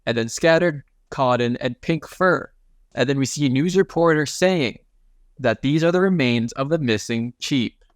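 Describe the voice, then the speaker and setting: A man retells a comic story in a relaxed, slangy recap voice and walks through each scene as it comes. His voice sits at an ordinary middle pitch. It is recorded close and dry, with no room sound. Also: moderate pace, no echo. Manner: casual and slangy, retelling panels in plain speech. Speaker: manhwa recap narrator. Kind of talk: casual story recap narration.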